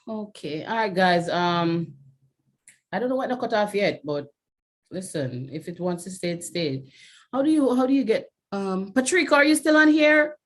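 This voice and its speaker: A woman's voice: medium pitch, big pitch swings, measured pace. A woman with a Jamaican accent hosting a webinar over a video call, chatting casually with many "you know" fillers and slipping into patois. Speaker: webinar host. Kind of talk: casual chat closing a webinar.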